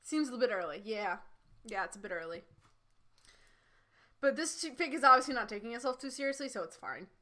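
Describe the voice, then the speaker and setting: A woman's voice: a little high, lively intonation, a little fast, long pauses, pushed and bright. A young woman streaming, reading fanfiction aloud and breaking off into chatty, laughing asides. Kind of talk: casual live-stream reading and commentary.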